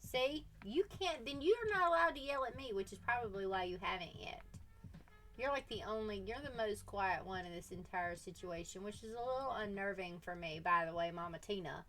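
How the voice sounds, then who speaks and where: A woman's voice: mid-range voice, lively intonation, a little fast, fairly bright tone. A woman casually chatting with her viewers on a live stream, teasing them playfully and laughing often.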